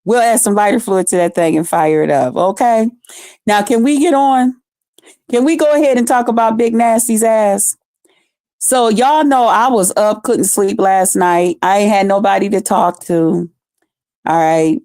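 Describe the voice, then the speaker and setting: A woman hosting a live stream, ranting in a blunt, profane, mocking way with drawn-out emphasis. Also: mid-range voice, dark tone, no echo, clean studio sound.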